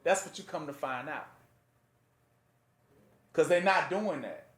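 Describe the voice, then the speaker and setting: A man teaching scripture in a casual sermon, often pausing to ask listeners to fill in the last word. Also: fairly high pitch, a bit bright. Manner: rhetorical fill-in-the-blank questions to listeners; conversational, plain-spoken. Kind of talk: informal Bible teaching sermon. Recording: echoey room.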